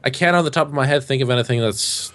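A man co-hosting a podcast in casual chat, animated and jokey, getting loud when he jokes. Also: medium pitch, fast. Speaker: podcast co-host.

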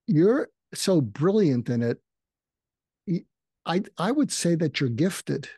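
A psychiatrist appearing as a guest on a podcast interview, an older man, gives conversational advice in a relaxed, mellow, husky voice. He takes it slowly and explains things, now and then acting out sample lines with a raised pitch. The recording is close and dry, with no room sound.

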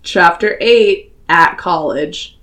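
A woman's voice: on the low side, slow pace, a bit bright. A woman casually reading a silly story aloud and laughing often as she goes. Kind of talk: casual chat with dramatic reading.

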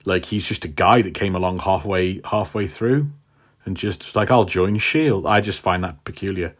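A man's voice: sits low, moderate pace. A man co-hosting a podcast in a casual, wry, teasing way. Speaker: podcast co-host. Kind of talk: casual chat.

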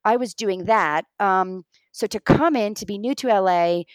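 A middle-aged woman, a guest actor, chatting on a remote interview in an animated way and acting out the lines she quotes. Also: medium pitch, normal speed, clear, resonant tone, no room sound. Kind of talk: casual remote interview chat.

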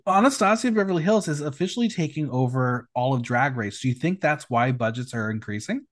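A man's voice: medium pitch, expressive, fairly quick. A man hosting a recap podcast, reading a script in a sassy, teasing way and bantering with his guest. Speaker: podcast host.

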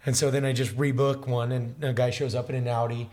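A man's voice: medium pitch, a little fast. A man casually telling a long travel story, acting out the people he talked to. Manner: animated storytelling, acts out dialogue. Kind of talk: casual chat.

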